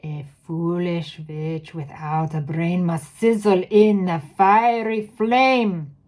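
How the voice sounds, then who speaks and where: Storybook villain: a woman playing a cruel witch queen, low and slow, chanting threats in a fake accent. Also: fairly even intonation. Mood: furious chanting. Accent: put-on foreign accent. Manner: slow, chanting rhymes, loud. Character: menacing female witch ruler, cruel and theatrical.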